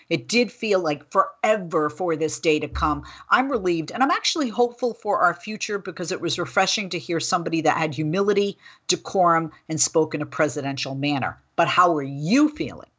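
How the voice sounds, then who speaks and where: Woman, 40s, talk radio host; chatty, animated, a touch low-pitched. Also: brisk, few pauses, husky. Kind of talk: political talk show chat.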